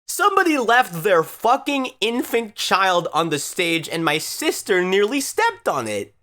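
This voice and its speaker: A woman's voice: mid-range voice, very animated, unhurried, a bit bright. A woman telling a story in a casual vlog, rambling and swearing with exasperated outbursts. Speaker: storytime vlogger.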